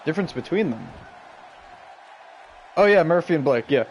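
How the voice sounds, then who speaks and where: A man hosting a stream and calling video game wrestling play by play, excitable and shouting the big moves while chatting with viewers. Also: on the high side, normal speed, slight background noise. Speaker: stream host and play-by-play commentator.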